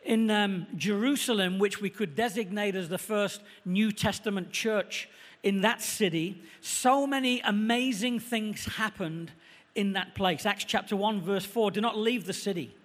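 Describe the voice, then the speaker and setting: Fast-preaching man with a Manchester accent. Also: high-pitched. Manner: quick, conversational preaching, slowing for emphasis. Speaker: visiting pastor. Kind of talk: sermon. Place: church hall. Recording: echoey church hall.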